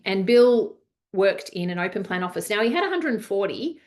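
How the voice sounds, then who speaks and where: A woman's voice: medium pitch, moderate pace. Chatty woman leadership coach. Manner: chatty, many fillers, animated retelling. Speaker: leadership coach presenting a masterclass. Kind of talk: webinar talk with anecdotes.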